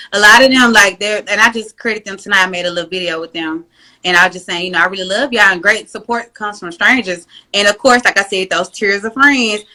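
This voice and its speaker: A woman guest on a casual talk show, telling stories in an animated, slangy, joking way. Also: mid-range voice, rough recording. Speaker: podcast guest. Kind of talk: casual interview chat.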